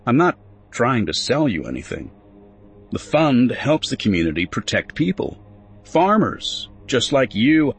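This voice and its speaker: A man's voice: medium pitch, big pitch swings, unhurried, soft background music, pitched above the performer's own voice. A man doing an earnest young settler. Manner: earnest and pleading. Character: earnest young male settler, awkward and persuasive.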